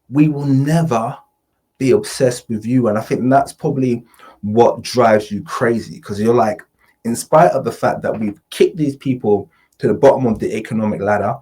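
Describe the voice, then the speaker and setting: Male vlog host with a husky voice, speaking emphatically and combatively from a home studio. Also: mid-range voice, darkish tone. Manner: emphatic, repetitive and confrontational. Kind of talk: opinion commentary vlog.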